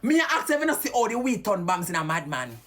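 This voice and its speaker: A woman's voice: mid-range voice, sing-song, quick pace, a bit bright. A Jamaican woman ranting heatedly and cursing on a live stream.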